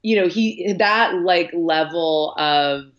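Woman guest, very low voice, chatty and filler-heavy, slightly muffled sound. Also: takes it slowly. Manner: chatty, lots of likes and ums, acts out quotes. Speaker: podcast guest, film critic. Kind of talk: casual film discussion.

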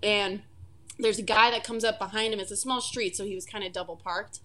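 A woman's voice: medium pitch, steady tone, a little fast, pushed and bright. A woman on a podcast telling casual stories, laughing as she goes and swearing freely. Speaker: podcast guest. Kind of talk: casual storytelling chat.

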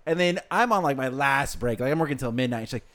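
A man's voice: mid-range voice, quick pace. A man telling a story in casual podcast banter, acting out what people said in quotes. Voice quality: animated storyteller, acts out quotes.

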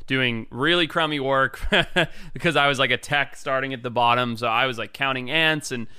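A man from Africa tells his stories as an interview guest, loose and animated, sprinkling "like" everywhere and jumping into other people's voices. His voice is bright and smooth, with clear, crisp diction. It is recorded dry on a close mic. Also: mid-range voice, normal speed, no room sound. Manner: animated, loose and chatty with many "like"s, acts out other people's lines. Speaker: interview guest, wildlife biologist. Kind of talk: casual storytelling.

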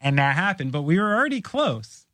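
A man hosting a podcast, telling stories in a rambling, animated way during casual chat. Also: a little high, brisk, no echo. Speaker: podcast host.

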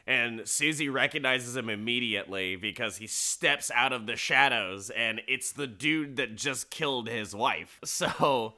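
A man with a very bright, sharp voice retells a film plot in a loose, casual way. His storytelling is animated and full of fillers, and his pitch sits at a middling level for a man. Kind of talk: casual movie plot recap.

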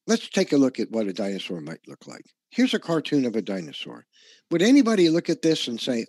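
Man lecturing over slides, insistent tone, mid-pitched voice, dry close sound. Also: sing-song, a little fast, darkish tone, no room sound. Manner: earnest, insistent, stumbling over words. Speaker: presenter.

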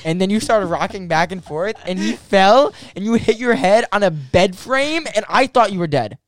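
Twenties male host, bright high clear voice, animated and swearing, dry booth sound. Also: normal speed, dry recording. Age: 20s. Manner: animated storyteller, laughs often, swears casually. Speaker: podcast host. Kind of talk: casual chat.

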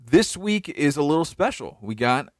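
A man's voice: on the high side, big pitch swings, moderate pace, dry recording, studio quality. A young man from North Carolina hosting a casual podcast, joking, laughing often and trailing off in restarts. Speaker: podcast host. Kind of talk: casual chat.

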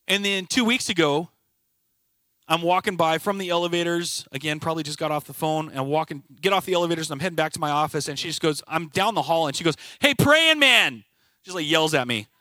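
A man's voice: a little high, a bit bright, dry recording. A middle-aged man sharing a personal testimony about his work life, reflective and earnest, telling it as a story. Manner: storytelling, quoting others in conversation. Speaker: team leader at a brokerage.

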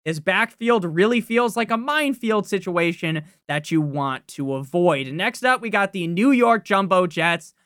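A young man rants on his sports podcast, swearing freely and bursting into loud, exasperated outbursts before settling back into rambling. His voice sits at a middle pitch and sounds close and dry, with no room around it. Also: expressive, measured pace, hardly any pauses, clean tone, no room sound. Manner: frustrated, profane, rambling rant with sudden loud outbursts. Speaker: fantasy football podcast host. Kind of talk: casual ranting podcast talk.

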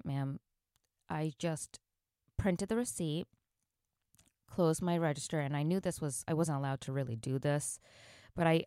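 A woman podcast host with a low voice tells a personal story, earnest and reflective. The recording is dry and close, with no room sound. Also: warm tone, no room sound. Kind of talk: storytelling monologue.

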